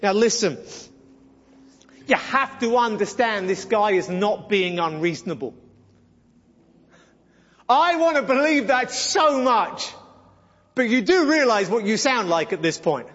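High-voiced man preaching in an echoey hall. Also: very animated, a little slow, long pauses, fairly bright tone, highs cut off. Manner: conversational, emphatic preaching with playful asides. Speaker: pastor. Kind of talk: sermon.

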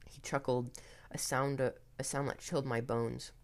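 A man telling a first-person horror story in a tense, hurried way with occasional restarts. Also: mid-range voice, little pitch movement.

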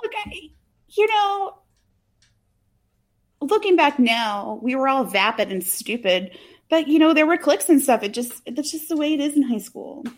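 On a casual talk show, a co-host summarizes a film at a moderate pace in a sing-song voice that sits high. She comes across as chatty and sarcastic, leaning on fillers and swearing now and then.

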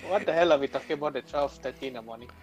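A young man co-hosting a podcast, teasing his friend with quick comebacks in late-night chat. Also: mid-range voice, darkish tone, soft background music. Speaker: podcast co-host.

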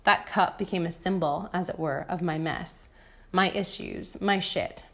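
Mom in her 30s reading her own essay out loud, blunt and kinda cheeky about it. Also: lowish voice, a little slow. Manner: frank, wry and irreverent. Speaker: mother of a toddler. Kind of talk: reading a personal essay aloud.

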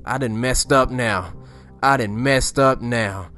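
A man voicing a frightened husband whose voice jumps high in alarm. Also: slow pace, sharp tone, faint music behind. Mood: panicked. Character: panicked husband, frightened and pleading.

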